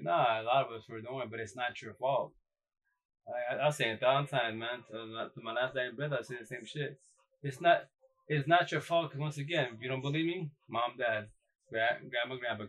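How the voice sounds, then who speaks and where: A man's voice: medium pitch, fairly bright tone, low-quality recording. A man hosting a casual livestream, talking in a rambling, emphatic way, swearing often and repeating himself. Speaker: livestream host.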